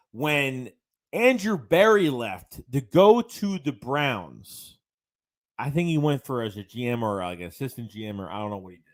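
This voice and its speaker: Guy hosting a late night sports stream, rants a lot, reads out the chat. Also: medium pitch. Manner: ranting, reads viewer chats aloud. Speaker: livestream host.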